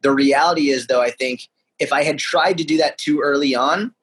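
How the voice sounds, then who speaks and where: A young man, a fitness coach answering podcast questions in a candid, animated way. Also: on the high side, normal speed, husky, rough recording. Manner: candid, animated storytelling with asides. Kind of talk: casual interview answers.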